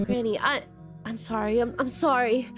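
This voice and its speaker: Woman reading a flustered young man, apologetic, pleading, high voice, soft music behind. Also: fairly even intonation, moderate pace, close to an everyday voice. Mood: anxious. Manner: pleading, anxious.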